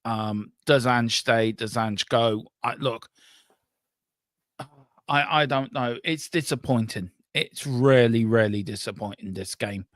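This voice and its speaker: A man's voice: medium pitch, slow pace, fairly bright tone, no room sound. Man, football fan-show host, rambling, frank, dry close sound. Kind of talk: casual fan talk show.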